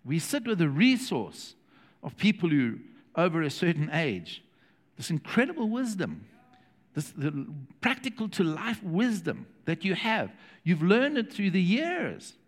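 Male preacher, animated sermon delivery with acted quotes, church hall with long reverb. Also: high-pitched, unhurried. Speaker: pastor.

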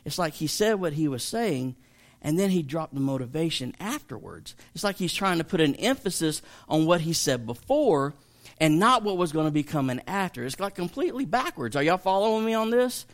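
A man's voice: a little high, very animated, fairly quick. A man, a pastor teaching an evening Bible study in a chatty, emphatic way that jokes with listeners.

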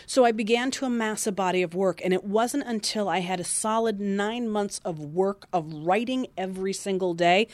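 A woman's voice: medium pitch, no echo. Chatty woman author, dry close sound. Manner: chatty, self-deprecating, quick anecdotes with frequent restarts. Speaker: author guest. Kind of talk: interview storytelling.

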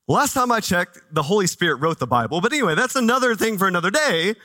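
A man preaching a sermon as pastor, conversational and animated, dropping low and soft for reverent moments. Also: fast, hardly any pauses, no room sound. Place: church.

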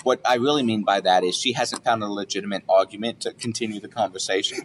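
A young man on a casual podcast, swearing a lot and joking as he tells stories, now and then jumping up high to act out other people. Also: steady tone, quick pace, a crowd in the background. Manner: profane, jokey storytelling with loud high-pitched bits when he acts out others. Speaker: podcast co-host.

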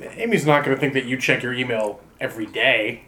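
A woman running a tabletop game, bantering in a lively way and making puns. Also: a bass voice, fairly quick, a little hiss or hum. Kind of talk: casual tabletop game chat.

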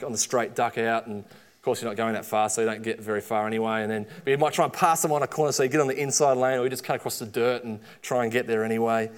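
A middle-aged man with an Australian accent preaching a sermon, with lively storytelling and quoted asides. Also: mid-range voice.

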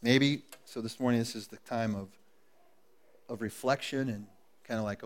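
A man preaching a sermon to his congregation, dropping to a hush and then rising to loud, emphatic appeals. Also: lowish voice, little pitch movement, normal speed. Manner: swings from hushed and intimate to loud and emphatic, coaxing the congregation. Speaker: pastor. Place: church service before a congregation. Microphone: live sermon recording.

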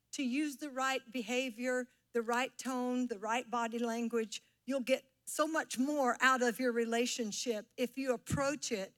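High-voiced woman preaching a sermon. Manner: warm teaching tone with audience call-and-response. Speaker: pastor.

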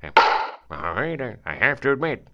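A man's voice: medium pitch, big pitch swings, normal speed, creaky, muffled recording, a little hiss or hum. A man playing a stubborn tied-up male captive in a homemade comedy skit, rambling and hesitant with many fillers. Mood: protesting. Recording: loud music over the voice. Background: loud music.

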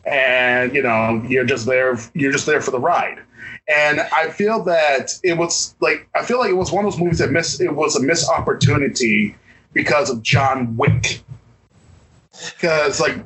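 A man's voice: fairly high pitch, a bit bright, slightly rough, rough recording. A man chatting casually about films as a podcast co-host, rambling with lots of fillers and restarts. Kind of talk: casual chat.

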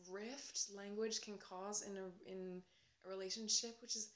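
A woman's voice: mid-range voice, fairly even intonation, moderate pace, fairly bright tone. A woman from the United States in casual chat, talking reflectively with many fillers and restarts. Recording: roomy echo.

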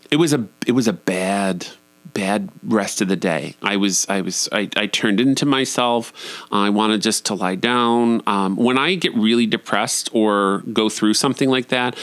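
Candid low-voiced man in his forties. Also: a bit bright, clean tone, dry recording. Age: 40s. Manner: candid, profane, self-deprecating. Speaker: storyteller. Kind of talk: personal monologue.

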